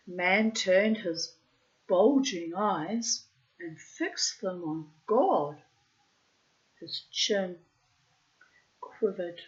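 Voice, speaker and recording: A woman slowly reading a storybook aloud, with dramatic pacing and playful asides. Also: lowish voice, animated, lo-fi sound. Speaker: storybook reader. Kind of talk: storybook narration.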